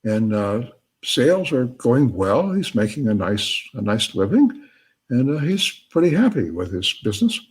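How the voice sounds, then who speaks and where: A man's voice: mid-range voice, sing-song, normal speed, husky. A man lecturing and telling a joke story, laughing at his own punchlines.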